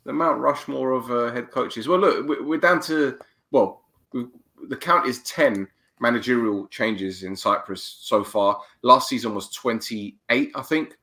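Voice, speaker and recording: A man's voice: mid-range voice, unhurried, pushed and bright. A man co-hosting a casual football podcast, jokey and chatty, often trailing off and restarting. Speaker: podcast co-host.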